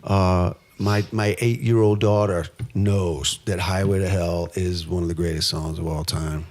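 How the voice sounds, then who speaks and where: An American man, a guest guitarist, talking about his influences in a relaxed, conversational way with many fillers. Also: deep voice, a little slow, no room sound. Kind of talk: casual interview talk.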